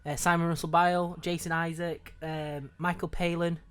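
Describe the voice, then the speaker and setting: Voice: medium pitch, little pitch movement, moderate pace, a bit bright, clean tone. A young podcast co-host chatting casually about a film, with stumbling restarts.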